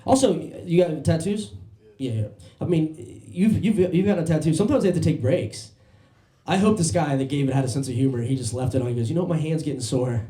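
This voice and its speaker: Male stand-up comic on a club stage, lively storyteller who does voices, mellow tone. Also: a little high, a little fast, reverberant. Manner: animated storytelling with voiced impressions. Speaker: stand-up comedian. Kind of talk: stand-up comedy set.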